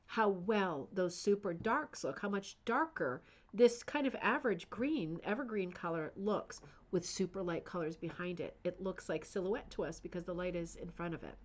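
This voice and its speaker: A woman's voice: on the low side, normal speed, hardly any pauses. A woman hosting a rug hooking club's live stream, chatting enthusiastically about a book and reading out viewer comments. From United States. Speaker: host of a rug hooking club channel.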